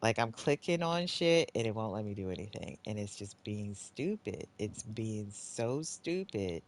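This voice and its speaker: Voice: medium pitch, lively intonation, a little slow. A live streamer giving gameplay commentary, talking to themself, swearing often, and sighing between lines. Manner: talks to self, swears often when frustrated; groans and sighs, swings between muttering and exclaiming.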